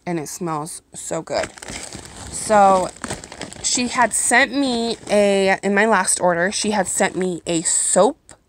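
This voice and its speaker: Slow, gushing woman on her phone. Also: medium pitch, a little hiss or hum. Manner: gushing, slow and chatty, apologetic asides. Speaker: vlogger reviewing products. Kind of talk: casual unboxing chat. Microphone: phone held in hand, then set down.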